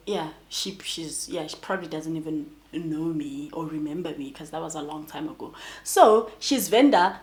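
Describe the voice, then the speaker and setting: A young South African woman with a South African accent, telling a personal story in a casual, chatty way and talking straight to her viewers. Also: medium pitch. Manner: animated, chatty, addresses viewers as guys. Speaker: YouTuber.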